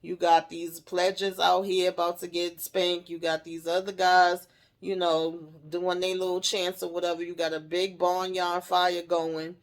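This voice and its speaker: Animated woman recapping a TV episode. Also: lowish voice, a little slow. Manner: animated retelling, acts out characters' lines, laughs and swears. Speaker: TV recap host.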